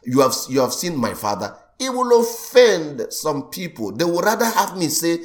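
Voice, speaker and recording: A middle-aged pastor preaching his sermon with a voice that swings widely in pitch. He is animated, rising and pushing hard on key lines and dropping low and soft to reassure. He often slips into the voices of the people he quotes. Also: normal speed, hardly any pauses.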